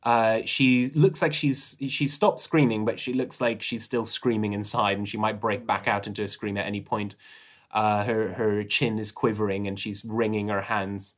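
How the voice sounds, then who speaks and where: A man running a tabletop horror game as game master, relaxed and laughing easily between descriptions. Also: lowish voice, normal speed.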